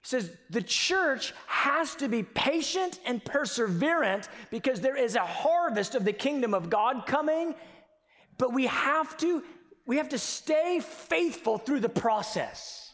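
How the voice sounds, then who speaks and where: A man preaching a sermon with passion, moving from quiet, conversational stretches to sudden shouted emphasis. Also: very high-pitched, expressive, measured pace. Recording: long reverb of a large hall.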